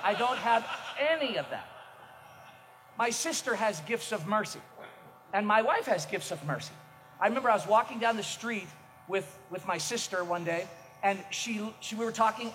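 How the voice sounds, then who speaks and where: A middle-aged man preaching a sermon as a pastor, telling self-mocking stories with energy and bursts of shouting. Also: high voice. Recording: echoey hall, faint noise.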